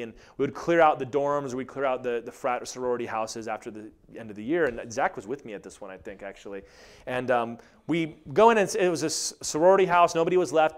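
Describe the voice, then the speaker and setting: Male pastor, 30s, lively sermon delivery, acts out quoted characters. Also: mid-range voice. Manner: animated, acts out quoted voices.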